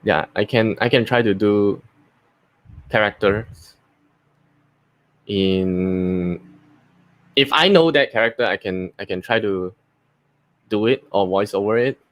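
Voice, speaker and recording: A voice actor, a man, casually explaining his voice techniques in an unhurried way with many fillers and restarts. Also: fairly low pitch, lo-fi sound. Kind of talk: casual live talk and voice demo.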